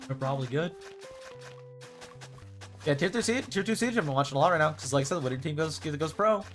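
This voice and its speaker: A man's voice: fairly high pitch, expressive, fairly quick, fairly bright tone, soft background music. A man chatting casually on a livestream, rambling with lots of "like" and frequent self-corrections. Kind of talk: casual stream chatter about esports.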